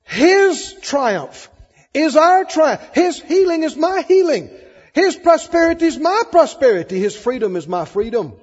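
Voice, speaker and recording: A man preaching a sermon, animated, swinging between loud emphasis and soft asides. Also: very high-pitched, a little slow, big-room sound, dull audio.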